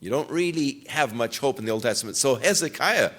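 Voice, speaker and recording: Brisk and expressive, an older pastor's medium-pitched, somewhat bright voice carries him verse by verse through the Bible. He speaks conversationally, paraphrasing scripture in plain everyday language.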